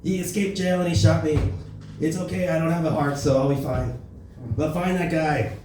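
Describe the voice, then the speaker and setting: A man's voice: a little high, steady tone, normal speed, darkish tone, slight background noise, pitched above the performer's own voice, natural voice. Guy doing a brash bragging old politician bit, open mic, roomy echo, mic far off. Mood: boastful. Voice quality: brash, rambling, self-important. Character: boastful crude older male politician. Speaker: stand-up comedian. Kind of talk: stand-up impression. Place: comedy club open mic. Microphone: stage microphone. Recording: echoey room from far off.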